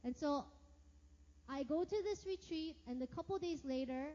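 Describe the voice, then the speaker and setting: A woman sharing a personal testimony sermon as a church leader, animated and acting out her own past reactions. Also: high-pitched, normal speed. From United States. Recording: reverberant hall, dull lo-fi sound.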